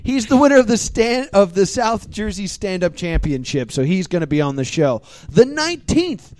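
A podcast host running a live show, rushing through plugs with jokes and self-corrections. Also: medium pitch, very animated, a little mellow. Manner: hurried, scattered, jokey. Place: live comedy venue.

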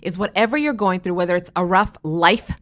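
A woman's voice: on the low side, brisk, a bit bright. A middle-aged woman, a guest author and speaker, talking candidly and earnestly in an interview, pressing her points with conviction.

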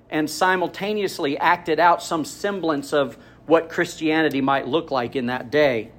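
Male pastor, slightly high voice, conversational sermon storyteller with asides to the room. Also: a bit bright.

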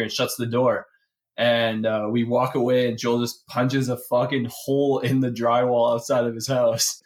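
A man's voice: mid-range voice, little pitch movement, moderate pace. A young man co-hosting a podcast, telling party stories in a profane, laughing, casual way. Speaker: podcast co-host. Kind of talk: casual storytelling chat.

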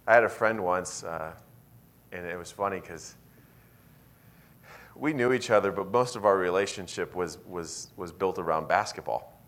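Animated male pastor preaching. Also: low voice. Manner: animated storytelling, swings from hushed to loud. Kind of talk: sermon. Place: church.

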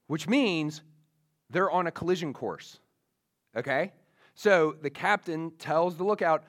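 A man's voice: a little high, unhurried. A male pastor preaching a sermon in a casual storytelling way, with many fillers, speaking to young listeners.

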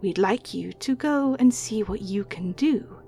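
Sly red goddess in a tabletop game, hushed and coaxing, slow bargaining lines; a woman puts her on. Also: mid-range voice, expressive, vocal fry, faint music behind. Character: red female patron deity, sly and bargaining.

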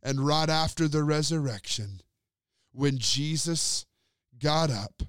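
A man preaching a sermon and retelling a scripture story, talking straight to his listeners and letting his sentences sink to low, quiet endings. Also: slow, clean tone, no room sound, studio quality. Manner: addresses listeners directly as friends.

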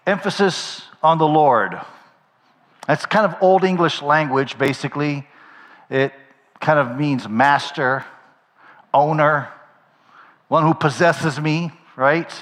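Higher-voiced male pastor in a reverberant hall. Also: slow pace, pauses often, a bit bright. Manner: conversational preaching, asks the crowd "right?". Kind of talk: sermon.

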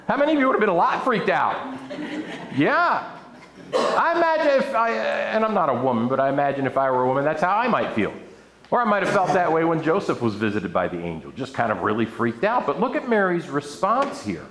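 A pastor preaches a sermon to an audience in a church room, reading scripture aloud and throwing in playful asides. His voice is fairly high, a bit bright, and brisk, with wildly swooping pitch. The recording sounds echoey.

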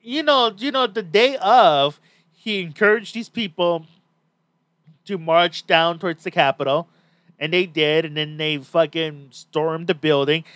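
A man's voice: on the high side, a little slow, a bit bright, dry recording. A man hosting a podcast in casual chat, talking bluntly and swearing freely. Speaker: podcast host.

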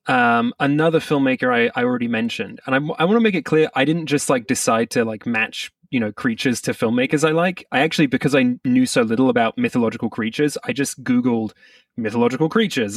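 A man's voice: mid-range voice, dry recording, recorded from a distance. A man co-hosting a film podcast in casual, jokey chat, who swears freely. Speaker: podcast co-host.

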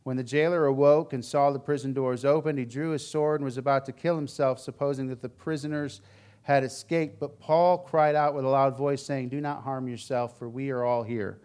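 A man preaching a sermon, telling the story in a candid, conversational way with frank asides, swinging between loud emphasis and quiet, low remarks. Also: steady tone, normal speed.

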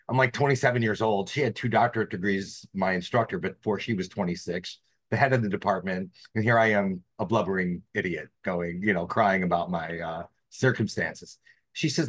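Earnest low-voiced man telling his story. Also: no echo. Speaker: podcast guest. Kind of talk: storytelling interview.

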